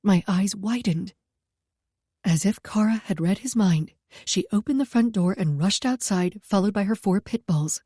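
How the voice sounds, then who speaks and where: A woman reading a first-person story aloud at a steady pace, close to the mic. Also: medium pitch, moderate pace, husky, no echo. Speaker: audiobook narrator.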